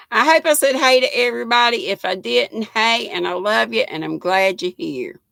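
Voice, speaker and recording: An older Southern woman drawls slowly through a chatty live stream, her voice bright and edged with gravelly fry. She greets viewers by name in a homey, folksy way, recorded close and dry. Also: a little high, no room sound. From North Carolina. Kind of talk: casual live-stream chat reading viewer comments.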